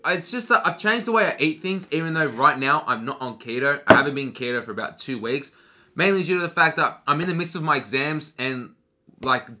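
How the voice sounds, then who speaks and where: Very bright-voiced young guy vlogging. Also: medium pitch. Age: young adult. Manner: loose and chatty, swears freely, says "dude" and "bro"; talks while eating cereal. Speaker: fashion vlogger. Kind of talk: casual Q&A vlog. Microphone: camera mic.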